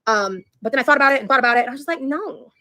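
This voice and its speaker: A woman's voice: on the high side, rapid-fire, pushed and bright. A woman chatting casually on her livestream, rambling and frank, swearing freely.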